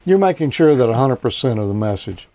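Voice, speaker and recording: Relaxed, folksy radio show host man. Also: medium pitch, fast talker, no room sound. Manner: relaxed, folksy, plenty of "you know" and "uh". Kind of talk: casual technical explanation.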